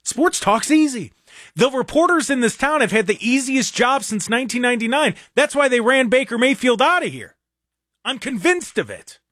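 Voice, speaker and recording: A young adult man hosting a sports talk radio show rants in an exasperated, emphatic way. His very high, fairly bright voice comes across clean, studio-recorded with no room sound.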